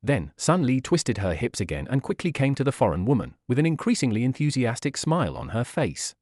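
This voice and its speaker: A man reading a web novel aloud as a narrator, at an even, steady pace with little change between characters. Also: medium pitch, a little fast, dry recording, clean studio sound.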